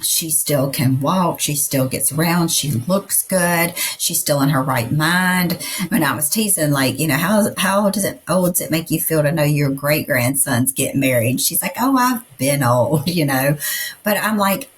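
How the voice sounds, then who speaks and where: Podcast co-host, woman, middle-aged; low register, loose chatty storytelling delivery. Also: normal speed. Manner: rambling, storytelling with many fillers. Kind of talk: casual chat.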